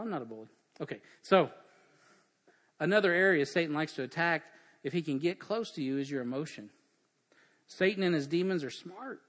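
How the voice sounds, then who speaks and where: A middle-aged man preaching with punchy emphasis, firing off rhetorical questions at his congregation. His voice sits a little higher than most men's, and it rings out with a long reverb from the church hall around him. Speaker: pastor. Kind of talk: sermon.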